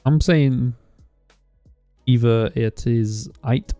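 Relaxed dude on a podcast, warm low-key voice, cracking jokes. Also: male voice, drawn-out words, no room sound, soft background music. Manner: relaxed, wisecracking, laughs often. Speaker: podcast co-host. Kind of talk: casual chat.

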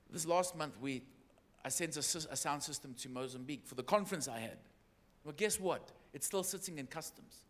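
A man delivers a sermon as an apostolic church leader, with a voice pitched high for a man. His preaching is animated and keeps building until he is shouting.

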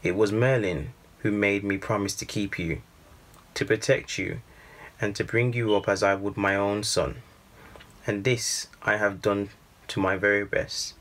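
A man reading the lines of a gentle, grieving foster father in a storybook. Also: lowish voice, fairly even intonation, unhurried. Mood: sorrowful. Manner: gentle and sorrowful.

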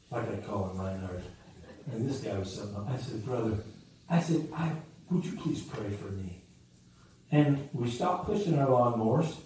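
A man's voice: medium pitch, a little mellow, slight background noise. A man preaching a sermon as pastor, telling stories and rising and falling in emphasis. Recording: echoey room from far off with faint ambience.

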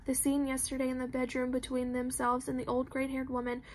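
A woman giving plain, even scripted narration of a novel as an audiobook reader. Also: high voice, brisk, slight background noise.

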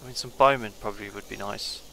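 Gravelly man musing over a strategy game. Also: lowish voice, fairly even intonation, fast talker, sharp tone, a little hiss or hum. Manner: musing, thinking aloud, trailing off. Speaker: gameplay commentator. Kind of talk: casual let's-play commentary.

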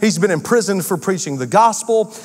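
Lively high-voiced male pastor preaching. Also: a little fast, long reverb tail. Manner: lively preaching, acts out quotes with shifting pitch and pace. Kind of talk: sermon.

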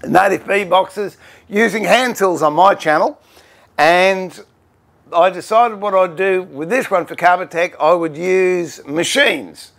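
A man's voice: sits high, slow pace, fairly bright tone. A middle-aged Australian man hosting a woodworking livestream, chatting casually and greeting viewers by name with self-deprecating humour.

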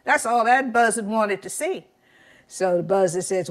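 A woman's voice: mid-range voice, a little slow. A woman storyteller telling a folk tale aloud in a dramatic, rhythmic way, dropping and raising her volume for effect.

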